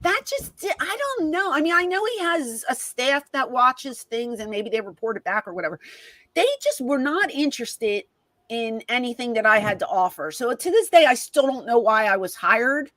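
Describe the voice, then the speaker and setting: A middle-aged woman tells stories as an interview guest, and she acts out whole conversations as she goes. Her voice sits a little high for a woman. The sound is dry and close, with almost no room around it. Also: normal speed, dry recording, rough recording. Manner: animated, reenacts conversations with quoted voices. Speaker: guest, former wrestling personality. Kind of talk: casual storytelling in an interview.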